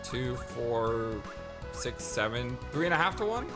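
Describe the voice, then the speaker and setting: A man's voice: medium pitch, big pitch swings, a little slow. A man hosting a let's play, giving upbeat, chatty gameplay commentary and laughing easily. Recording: loud game music behind.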